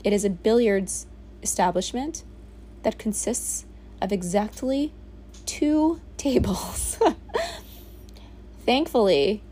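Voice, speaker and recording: Brief: woman in her 30s, vlog diary, rambling and candid, gravelly mellow tone, faint background hiss. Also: mid-range voice. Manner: rambling, candid, with frequent "like" and swearing. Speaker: vlogger. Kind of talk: reflective casual monologue. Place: on a boat in a small village.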